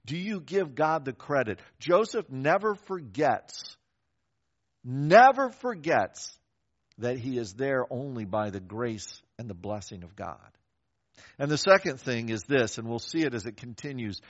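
An older man preaching a sermon as a pastor, telling a story in a conversational, animated way and acting out the quoted voices. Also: medium pitch, moderate pace. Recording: dull lo-fi recording.

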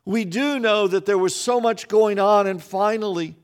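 A man pastor delivering a sermon, earnest and emphatic, with deliberate pauses and repeated phrases. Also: sits high. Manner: restarts and repeated words when speaking quickly.

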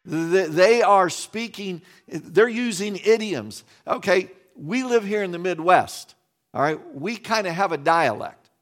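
A man's voice: high-pitched, animated, unhurried. A man from West Virginia preaching a sermon in a conversational way, with folksy asides and frequent restarts. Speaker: pastor.

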